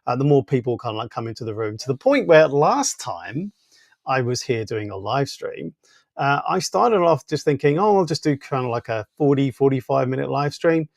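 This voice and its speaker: A man with a gravelly, slightly congested voice hosts a live stream, chatting in a loose, rambling way. His pitch sits in an ordinary middle range. The sound is close and dry from a small clip-on mic. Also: very animated, moderate pace, darkish tone, no room sound. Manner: rambling, loose, full of fillers. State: voice weakened by congestion. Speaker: tech channel host. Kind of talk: casual live stream chat. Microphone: small wireless clip-on mic.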